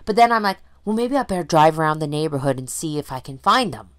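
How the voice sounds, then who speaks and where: A middle-aged woman from Canada, co-hosting a casual podcast chat and telling stories in an animated way, acting out her own panicked shouts. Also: low voice, fast. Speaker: podcast co-host.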